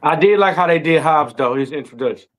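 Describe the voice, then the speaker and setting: Emphatic man, halting and repetitive. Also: fairly high pitch, animated, a bit bright, rough recording. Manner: emphatic, repeats himself, halting fillers. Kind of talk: casual chat.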